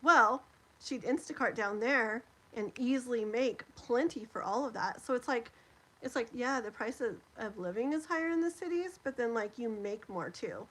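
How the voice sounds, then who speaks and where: A woman's voice: fairly high pitch, normal speed, low-quality recording. A middle-aged woman, chatting casually and rambling with lots of fillers as she does a live tarot stream.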